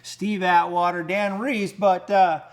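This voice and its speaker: High-voiced male studio host. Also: level tone, slow. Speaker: show host. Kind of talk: casual studio interview. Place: studio set.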